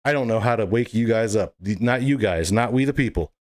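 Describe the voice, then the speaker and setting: A man's voice: fairly low pitch, brisk, a little mellow. A man delivering an impassioned monologue to camera as a political video blogger, fiery, emphatic and indignant.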